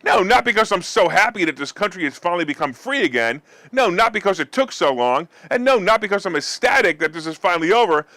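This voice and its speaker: A man's voice: high voice, expressive, fast, hardly any pauses, pushed and bright, dry recording. A man hosting a finance and politics show, reading his commentary with sarcastic asides. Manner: sarcastic, mock-weeping theatrics. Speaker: host.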